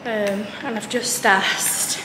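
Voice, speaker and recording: A woman's voice: mid-range voice, steady tone, takes it slowly. A woman, chatting casually to camera as she walks around on a travel vlog. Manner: chatty, walking while filming. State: out of breath at times. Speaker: travel vlogger. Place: outdoors at a busy city mosque and gardens. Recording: outdoor city noise behind voice.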